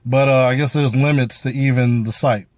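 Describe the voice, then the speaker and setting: A man's voice: mid-range voice, fairly even intonation, moderate pace, darkish tone, no echo. Profane, rambling man reviewing a show. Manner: loose, profane, rambling with fillers. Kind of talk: casual spoken review.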